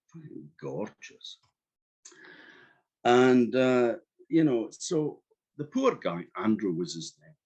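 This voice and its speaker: A man's voice: fairly low pitch, breathy edge. A man from Orkney with an Orcadian accent telling a folktale in the first person, chatty and wry, with asides to the listeners, in a dull lo-fi recording. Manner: lively, conversational, wry asides to the audience. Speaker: storyteller. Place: evening storytelling event.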